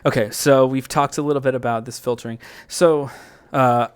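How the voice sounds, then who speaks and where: A man hosting a music software tutorial, thinking aloud in a loose, rambling way with plenty of fillers and self-corrections. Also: mid-range voice, steady tone, moderate pace, clear, resonant tone.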